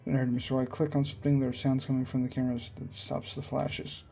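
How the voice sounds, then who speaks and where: Gravel-voiced man reading a visual novel. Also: medium pitch, little pitch movement, fast talker, warm tone, a little hiss or hum. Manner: reactive, reads in first person with asides. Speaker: gaming YouTuber.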